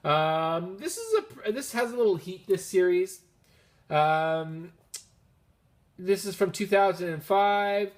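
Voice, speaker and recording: A Canadian comics vlogger shows off his haul at home in a casual vlog, chatty and upbeat and drifting into rambling asides. His voice is slightly higher than most men's, and he takes it slowly.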